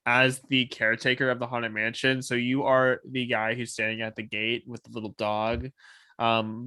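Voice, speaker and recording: An excitable man chatting casually on a podcast panel, quick to react. His voice is bright and forceful at a middle pitch, recorded with almost no room sound. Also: clean tone, dry recording. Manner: excitable, easily startled. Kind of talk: casual chat.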